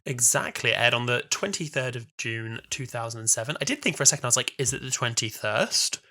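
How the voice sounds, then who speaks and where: A man's voice: mid-range voice, fast talker. A man in his twenties co-hosting a podcast, chatting casually, stuffed up with a cough and cold. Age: 20s. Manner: chatty, animated storytelling. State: congested with a cold. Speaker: podcast co-host. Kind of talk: casual chat.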